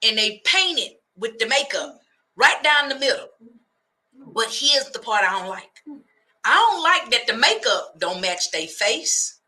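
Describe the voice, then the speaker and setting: A woman hosts a radio talk show in an animated comic rant. Her voice is very bright and forceful, and she keeps breaking into preacher-like cadences as she goes. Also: on the high side, unhurried.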